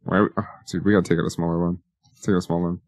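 A man's voice: deep voice, level tone, racing, darkish tone, no room sound, studio quality. A man giving casual, rambling let's-play commentary, joking and talking to himself as he builds. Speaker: gaming YouTuber.

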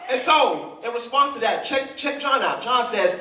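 A preacher rises to fervent shouts and falls back to hushed lines. His voice sits very high and rings bright and forceful. He is heard from some way off in a roomy, echoing church. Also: lively intonation, normal speed, few pauses. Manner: impassioned call-and-response preaching, building to shouts. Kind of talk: sermon. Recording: echoey church hall, voice from a distance.

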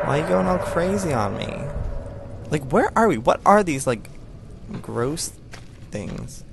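A man's voice: mid-range voice, big pitch swings, moderate pace, gravelly, heavy background noise. A young man in his twenties hosting a horror game let's play, talking to himself in a jittery, frightened way. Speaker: gaming channel host.

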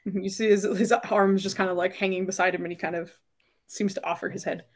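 A woman running a homebrew tabletop game as game master. Her mid-pitched voice narrates casually, in loose phrases full of fillers. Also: fairly even intonation, fairly quick.

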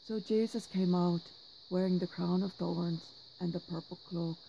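A man giving a measured liturgical reading of scripture, slowing and leaning harder into the quoted cries. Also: high-pitched, steady tone, creaky, dark tone, slight background noise, rough recording. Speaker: scripture reader.

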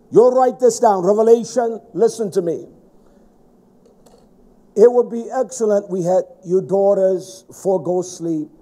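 Man, middle-aged, stern scolding sermon, warm dark tone, slightly high pitch. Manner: stern, scolding, shouts at times. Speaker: preacher.

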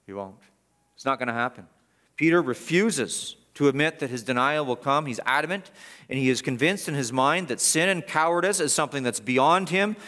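A male pastor preaching a sermon in church, emphatic and repetitive, swinging from loud urgency to quiet gravity. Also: on the high side, expressive, normal speed. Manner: emphatic, repeats words for stress.

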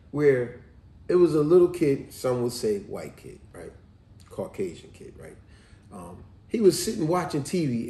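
A man's voice: medium pitch, dark tone, recorded from a distance. A man reading a children's book aloud and adding chatty, musing comments, sometimes rereading lines. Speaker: book reviewer. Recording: echoey room.

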